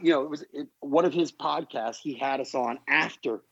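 Husky, higher-voiced man telling a story. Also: moderate pace, dry recording, dull audio. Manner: animated, profane, full of asides. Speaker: podcast guest. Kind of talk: casual storytelling.

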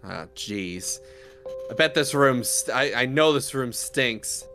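A man riffs and jokes with a friend as they stream a game together, casually swearing between remarks. His pitch sits in a middle range for a man, and faint music plays behind him. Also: animated, slow pace, bright, forceful tone. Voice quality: joking, swears freely.

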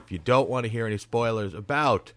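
A man's voice: lowish voice, fairly quick, fairly bright tone. A man hosting a casual TV podcast, speaking in a playfully mock-formal way. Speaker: podcast host. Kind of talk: casual chat.

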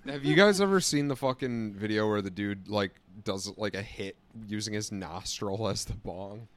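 A man's voice: on the low side, normal speed. A young man in casual chat, telling profane stories and quoting people in put-on voices.

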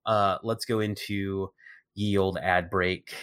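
A man's voice: deep voice, little pitch movement, takes it slowly, a bit bright, clean tone. A man co-hosting a casual podcast, rambling with lots of fillers and restarts. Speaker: podcast co-host. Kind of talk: casual chat.

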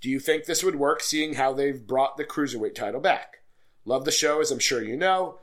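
A man's voice: medium pitch, normal speed. A man co-hosting a casual podcast, joking around and reading listener emails aloud. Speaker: podcast co-host. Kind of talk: casual chat.

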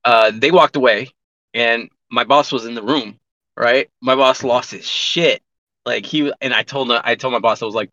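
Casual podcast talker: a man with a forceful, bright voice, candid and profane, on a dull, dry recording. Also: mid-range voice, fairly even intonation, normal speed, dry recording. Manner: candid, profane, rambling with many restarts. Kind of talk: casual chat.

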